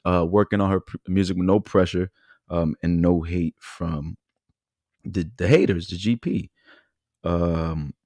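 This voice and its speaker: A man with a fairly low voice hosts a celebrity news recap, talking in an animated, chatty way and laughing often. The recording is dry and close, with no room sound. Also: no room sound. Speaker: radio show host.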